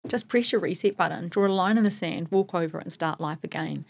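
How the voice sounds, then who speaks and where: Husky New woman, candid and chatty. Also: lowish voice, fast. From New Zealand. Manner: candid, self-deprecating, chatty. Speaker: podcast guest. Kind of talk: casual interview storytelling.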